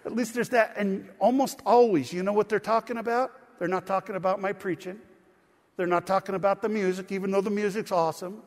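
A male pastor with a fairly high voice delivers a sermon, moving from a chatty story to emphatic preaching. The sound rings with long reverb in a church hall. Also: steady tone, brisk. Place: church sanctuary.

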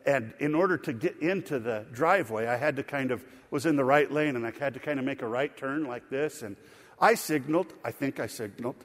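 A man's voice: mid-range voice, brisk, hardly any pauses. Folksy preacher man in a reverberant church. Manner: folksy, animated storyteller with laughs. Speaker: pastor. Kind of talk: sermon with storytelling. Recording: sanctuary reverb.

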